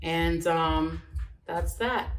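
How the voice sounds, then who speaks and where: A woman's voice: deep voice, very slow, echoey room, distant mic, a little hiss or hum, poor audio. A young woman born in Jamaica, chatting casually while she cooks and trying out patois phrases. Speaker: cooking vlogger. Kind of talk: casual chat while cooking.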